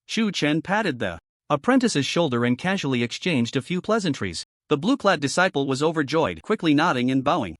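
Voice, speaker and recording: Recap narrator, man, high-ish lively delivery, bone-dry sound. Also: fairly quick, no echo. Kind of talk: scripted story recap narration.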